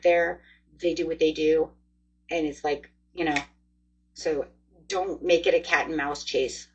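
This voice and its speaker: A woman gives a casual tarot reading, talking straight to her viewers. Her voice sits low and husky. She is chatty and excitable, quick to get worked up over the cards. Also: low-quality recording. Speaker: tarot reader.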